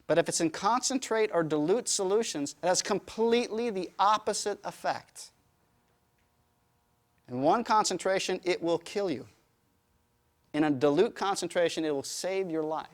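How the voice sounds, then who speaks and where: A man's voice: high voice, normal speed. A man teaching yoga, answering audience questions with emphatic, rhetorical explanations. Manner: emphatic, rhetorical, animated storytelling.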